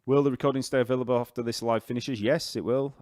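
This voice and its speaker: A man with a Yorkshire accent, a bass teacher chatting casually on a live stream, rambling and reading out viewer comments. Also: fairly even intonation, quick pace, a little mellow, dry recording, clean studio sound. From Yorkshire, northern England.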